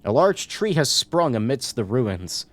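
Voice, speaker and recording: A man streaming a horror game, reading the on-screen notes aloud and tossing in joking asides in a casual, relaxed way. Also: medium pitch, measured pace.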